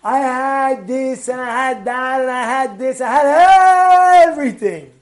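A man's voice: very high voice, slow pace, pitched above the performer's own voice. A man voicing a boastful rich man who complains about his wealth.

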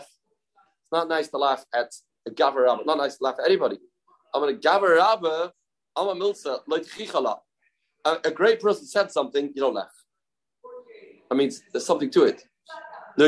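Animated Yeshivish-accented Talmud teacher. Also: male voice, fairly high pitch, poor audio. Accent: Yeshivish English. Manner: animated, repeats phrases, asks and answers questions. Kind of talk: daily Talmud lesson.

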